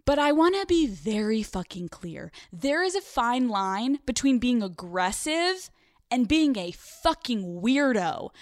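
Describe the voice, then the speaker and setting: A woman's voice: a little high, no room sound, clean studio sound. A woman hosting a podcast, telling stories in a brash, profanity-laced comedic monologue. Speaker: podcast host.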